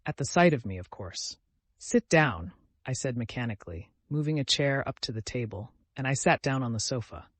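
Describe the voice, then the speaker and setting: A man narrating a classic story in steady, scripted audiobook reading. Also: medium pitch, fairly quick, few pauses, dry recording.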